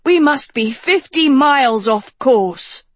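A woman acts out a stubborn teenage girl fighting a storm at the wheel, her voice raised and growling. Dry and close, a touch higher than the narration. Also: lively intonation, slow pace, no echo, full character voice. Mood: urgent. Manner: raised, growling and shouting over wind.

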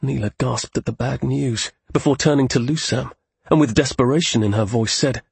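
A man narrating an audiobook story in steady scripted narration. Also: mid-range voice, moderate pace, gravelly, slightly rough, no echo.

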